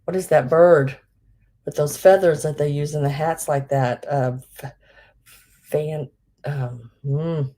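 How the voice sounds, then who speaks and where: A middle-aged woman hosts a live vintage sale, chatting casually with lots of fillers and laughing at herself. Her voice sits low and mellow, with a steady tone, a slow pace, and long pauses.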